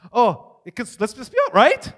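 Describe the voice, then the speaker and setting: A man giving a testimony sermon, telling his story with big swings between loud and hushed. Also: sits high, normal speed. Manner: animated storytelling, swings from shouting to near whisper. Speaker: preacher.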